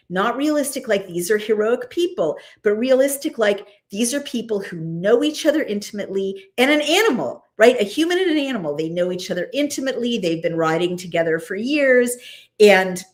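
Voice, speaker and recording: Woman, casual scripture commentary, conversational, lively asides, mid-range pitch. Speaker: host.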